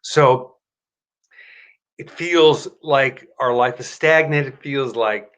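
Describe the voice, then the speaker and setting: A man talks into his computer mic while hosting a live stream. He rambles in a chatty way and often stops to correct himself. At times he slips into an upbeat motivational pitch. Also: takes it slowly, fairly bright tone, clean tone. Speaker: host of a live stream show. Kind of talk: casual live-stream talk and self-help pitch.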